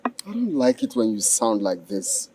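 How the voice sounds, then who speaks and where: A man's voice: fairly low pitch, big pitch swings, moderate pace, mellow. An actor playing a stern, commanding king and father with a Nigerian accent in a film drama. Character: stern king, a father scolding and settling family quarrels.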